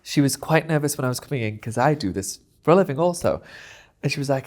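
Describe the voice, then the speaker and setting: A man speaking as a guest in a casual interview, animated and expressive, often breaking into laughter. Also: mid-range voice, quick pace.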